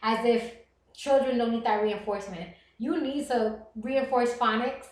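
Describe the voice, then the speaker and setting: A woman streaming live, chatting casually with viewers and reading their comments aloud, animated and quick to laugh. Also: on the high side. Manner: animated, laughs often, reads chat aloud. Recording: roomy echo.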